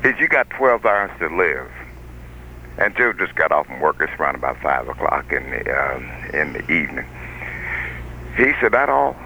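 A man's voice: rumbling low, sing-song, fairly quick, creaky, sharp tone, a little hiss or hum. An older man calling in to a radio show by telephone, telling long jokes in a folksy, drawling storyteller way. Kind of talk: casual joke telling on a call-in radio show. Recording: muffled phone line.

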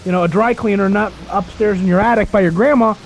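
A man's voice: high-pitched, fairly even intonation, fast talker, a little hiss or hum, poor audio. A man co-hosting a casual radio talk show, brash, mocking and opinionated.

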